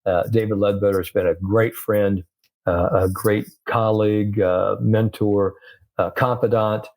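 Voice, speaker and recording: An older man, a sports psychologist, telling a story in an interview and lively acting out the voices of the people in it. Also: on the low side, measured pace.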